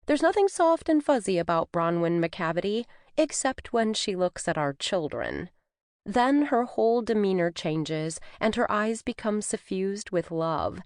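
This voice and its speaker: Expressive woman audiobook narrator. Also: medium pitch, dry recording, clean studio sound. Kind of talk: scripted first-person narration. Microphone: studio microphone.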